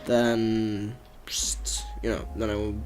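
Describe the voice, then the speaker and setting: A man's voice: lowish voice, flat delivery, slow pace, a little mellow, soft background music. A young man hosting a casual podcast, rambling through stories with many fillers and restarts and frequent laughter. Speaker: podcast host.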